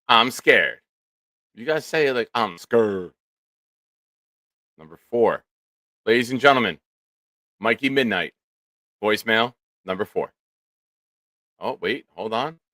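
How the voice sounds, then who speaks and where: A male host running a live fan stream in a loose, casual way. His voice sits at a middle pitch and comes across dry and close. Now and then he breaks into loud, playful cheers. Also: expressive, measured pace, pauses often, dry recording. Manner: loud hype, mock cheers. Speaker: show host.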